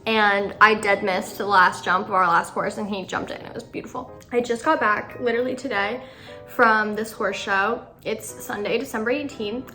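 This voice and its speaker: A woman's voice: a little high, a bit bright. A teenage girl giving a casual, dramatic and self-mocking recap of her horse shows, full of fillers. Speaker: equestrian vlogger. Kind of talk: casual chat. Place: outdoors in snow at a horse show.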